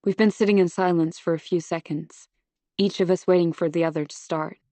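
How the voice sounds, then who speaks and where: A woman reading a suspense novel aloud in first person, measured and close to the microphone. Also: lowish voice, steady tone, mellow, dry recording. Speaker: audiobook narrator.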